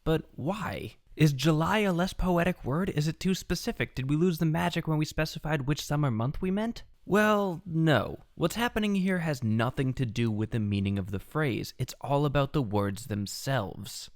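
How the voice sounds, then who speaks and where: A man's voice: a little high, normal speed, few pauses, no echo, clean studio sound. A man hosting a music theory lesson, giving scripted explainer narration with playful asides. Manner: lively, animated delivery with playful asides. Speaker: music educator host.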